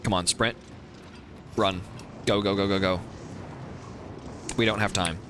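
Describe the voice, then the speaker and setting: A man's voice: deep voice, fairly even intonation, unhurried, a bit bright, a little hiss or hum. A man streaming a video game, commenting live and pleading and swearing at the characters on screen.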